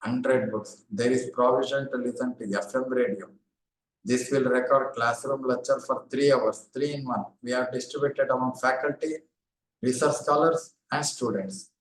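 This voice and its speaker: An older man with an Indian accent giving an online lecture as a former university librarian, explaining steadily with frequent pauses and repetitions. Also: mid-range voice, steady tone, reverberant, rough recording.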